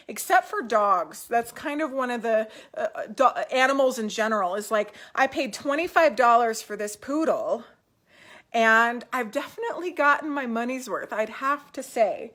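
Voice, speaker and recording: A woman's voice: a little high, a bit bright. A woman talking casually to camera at home about doll collecting, upbeat and encouraging, with fillers and restarts.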